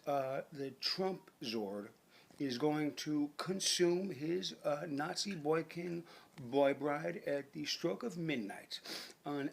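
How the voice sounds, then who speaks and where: A man's voice: on the high side, gravelly. A man delivering a rambling, profane, mock-grandiose conspiratorial monologue.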